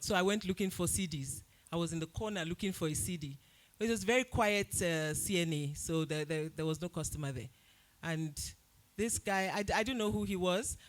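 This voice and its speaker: A Nigerian woman speaking to an event audience as its host, telling a story with lively, loud acted-out quotes. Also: on the low side. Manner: animated storytelling, acts out quotes loudly. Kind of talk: speech at a live event.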